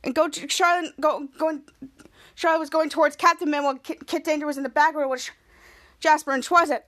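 A woman hosting a podcast, recapping a TV episode in a casual, excitable way, repeating herself and correcting her own words. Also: high-pitched, quick pace. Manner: excitable, repetitive, frequent self-corrections. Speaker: podcast host.

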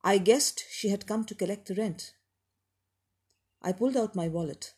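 Woman narrating a spooky tale, unhurried, husky-soft tone. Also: mid-range voice. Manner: measured, unhurried reading. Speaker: storyteller. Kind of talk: storybook narration.

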